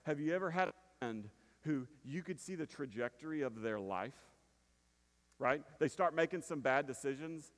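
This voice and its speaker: A man preaching a conversational sermon as pastor, dropping to a hush then rising to emphatic points and checking in with the congregation. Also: on the high side, expressive, moderate pace. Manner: conversational preaching with frequent "right?" asides, swinging from hushed to emphatic. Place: church sanctuary. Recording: long reverb of a church hall.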